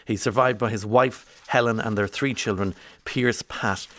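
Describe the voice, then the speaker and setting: An Irish man from County Monaghan hosting a morning radio show, chatty and rambling, swinging from bright to low. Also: fairly even intonation, measured pace, a little hiss or hum. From County Monaghan, Ireland. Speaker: radio host. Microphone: studio microphone.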